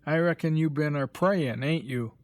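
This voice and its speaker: A man's voice: fairly high pitch, moderate pace, no echo, lightly acted. A man reading aloud, voicing a sarcastic older stable hand who scolds fighting boys. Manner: loud, scolding, heavy dialect.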